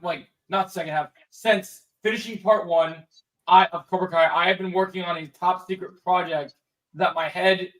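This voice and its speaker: Young guy hosting a stream, high-ish voice, keeps restarting his sentences, sounds kinda far from the mic. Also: a bit bright. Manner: rambling, frequent restarts and repeats. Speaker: livestream host. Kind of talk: casual livestream chat.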